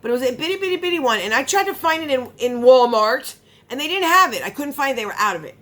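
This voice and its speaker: A woman beauty vlogger chatting casually while unboxing, rambling and excitable, sometimes gasping. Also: sits high, fast.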